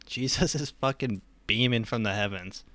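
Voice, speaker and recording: A man's voice: medium pitch, moderate pace, bright, forceful tone. Joking young man, casual podcast banter. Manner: joking, laughs often. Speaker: podcast co-host.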